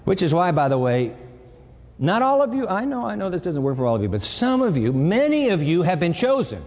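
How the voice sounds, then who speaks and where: Lively preacher man in a reverberant hall. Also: high voice, brisk. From raised partly in Japan. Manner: lively, conversational preaching with sudden swings from loud to quiet. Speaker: campus pastor. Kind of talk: sermon.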